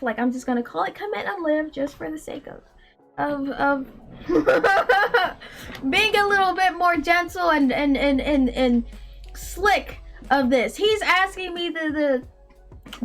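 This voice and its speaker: Woman streamer recounting an awkward ride; high voice, unhurried delivery, laughs a lot, light music underneath. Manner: animated, laughing, exasperated, many "like" fillers. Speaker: indie game developer streaming. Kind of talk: casual storytelling.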